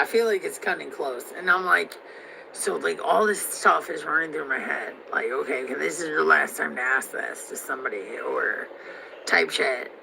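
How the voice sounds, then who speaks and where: Woman, gravelly voice, bright tone, crude rambling rant, faint noise behind. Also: lowish voice, low-quality recording. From Missouri. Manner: crude, heated, rambling with many fillers. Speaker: vlogger. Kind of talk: profane rant to camera.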